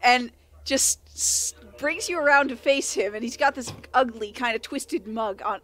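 A woman's voice: on the high side, a little slow. A woman running a tabletop game as game master, narrating with frequent laughter and tumbling restarts. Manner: laughs often while narrating, animated with many restarts.

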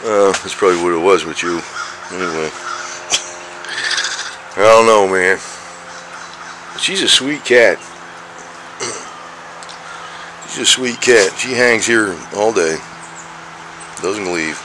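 A man filming cats on a handheld camera outdoors, rambling casually and chuckling, talking to the cats in a high coaxing voice. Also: takes it slowly, pauses often. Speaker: vlogger. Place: outdoors near steps. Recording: noisy outdoor camera audio.

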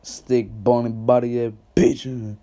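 A man's voice: mid-range voice, flat delivery, slow, mellow. A man doing reaction commentary, roasting another creator in loose slang and laughing often.

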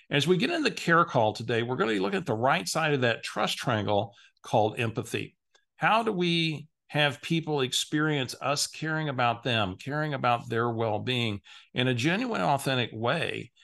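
A man from San Antonio, Texas, giving an energetic, conversational coaching lesson to real estate agents and telling stories along the way. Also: medium pitch, gravelly.

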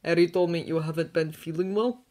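A woman voicing a friendly, easygoing young man with a warm, relaxed manner, in a fanfiction audiobook reading. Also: lowish voice, a little fast, lightly acted.

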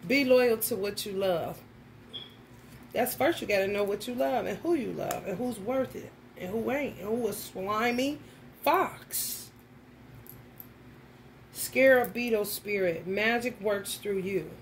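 A woman tarot reader telling a story in a casual vlog, animated and profane, often laughing. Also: medium pitch, a little slow, a little hiss or hum.

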